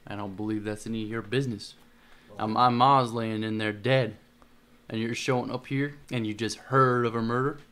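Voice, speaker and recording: A man's voice: on the low side, fairly even intonation, moderate pace, fairly bright tone, clean tone. A man playing a grieving son in a tabletop western game, speaking in a defiant, questioning way. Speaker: player. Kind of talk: in-character tabletop play.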